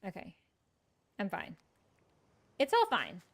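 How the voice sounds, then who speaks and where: A woman with a medium-pitched voice that swoops wildly up and down talks slowly, with vocal fry and a breathy edge. She's live-streaming a game and chatting casually with her viewers, poking fun at herself and laughing a lot.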